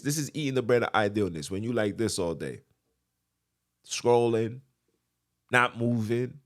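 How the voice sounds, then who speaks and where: Male podcast host, preachy monologue, emphatic and repetitive, medium pitch. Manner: emphatic, repetitive, asks the listener "right?".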